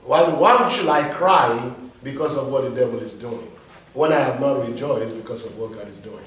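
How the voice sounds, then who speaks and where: A man's voice: medium pitch, normal speed, fairly bright tone, slight background noise. A male pastor preaching a sermon, emphatic and leading his congregation in call-and-response. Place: church. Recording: echoey hall, mic from far off.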